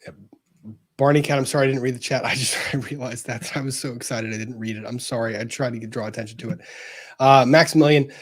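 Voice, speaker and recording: A man's voice: mid-range voice, fairly even intonation, quick pace. A man hosting a casual livestream, earnestly thanking viewers as he reads out their super chats.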